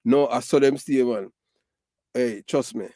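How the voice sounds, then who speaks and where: Speaking at medium pitch, a little slowly and mellow, this middle-aged man from Jamaica carries a Patois accent. He delivers emphatic, repetitive, filler-heavy ranting commentary, recorded clean with no room sound.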